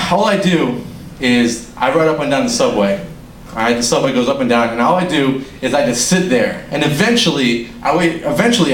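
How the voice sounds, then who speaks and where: This is a young stand-up comic performing an amateur set for a crowd in a small room; his voice sits at medium pitch. He rambles, swears and laughs at his own material, and the echoey recording picks up faint ambience plus a little hiss or hum.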